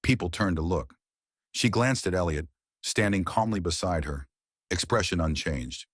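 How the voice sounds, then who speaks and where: A man with a very low, husky voice reads a romance story in a calm, measured audiobook style. The recording is close and dry with no room sound. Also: no room sound. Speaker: narrator. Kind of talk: scripted audiobook narration.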